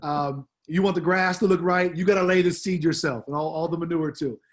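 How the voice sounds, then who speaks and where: A man's voice: fairly high pitch, fairly even intonation, fairly quick. A middle-aged man, a departing assistant principal, giving an upbeat, heartfelt farewell speech on the school announcements, slangy and full of fillers.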